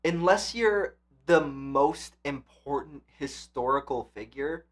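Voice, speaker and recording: Speaking slowly with a fairly high pitch, this anime reaction host keeps things casual and excited. He curses and swings between hyped shouts and soft reflection.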